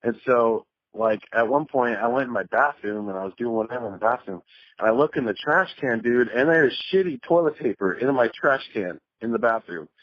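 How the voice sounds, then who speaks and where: A man's voice: mid-range voice, expressive, fairly quick, no room sound. A man telling rambling, profane stories with laughs as a podcast guest in casual chat. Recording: dull lo-fi remote audio.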